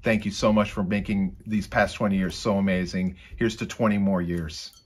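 A man's voice: low-pitched, flat delivery, normal speed. A man, an illustrator, chatting casually and enthusiastically with his co-author. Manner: enthusiastic, warm-hearted. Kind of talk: casual chat.

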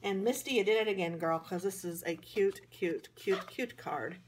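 A woman's voice: medium pitch, normal speed, noisy background. A woman from the American Midwest with a Midwestern accent, chatting casually through a card-making tutorial in a hotel room, rambling and poking fun at herself. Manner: chatty, rambling, self-deprecating. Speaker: craft vlogger.

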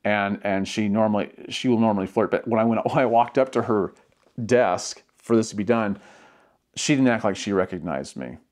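A man's voice: lowish voice, normal speed, a little mellow. A man chatting to his viewers as a vlogger, telling a story in a rambling way with restarts and small laughs. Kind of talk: casual storytelling to camera.

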